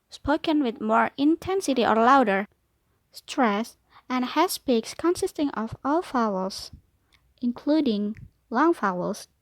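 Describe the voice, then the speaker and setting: A woman's voice: a little high, no room sound. Young woman reading a phonetics lesson. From Indonesia. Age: young adult. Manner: carefully reads definitions, slows to repeat key points. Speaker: student presenting a lesson. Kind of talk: read-aloud explanatory lesson.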